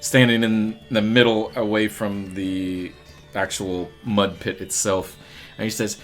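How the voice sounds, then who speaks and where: A man narrating a tabletop game as dungeon master, in a slow, lively way with many pauses. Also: lowish voice, faint music behind.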